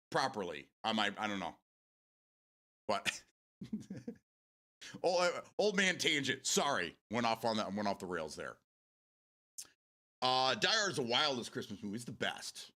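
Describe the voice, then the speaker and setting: Lively, bright-voiced man rambling. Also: fairly high pitch. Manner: rambling, swears freely, goes off on tangents. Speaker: livestream host. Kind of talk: casual chat with viewers.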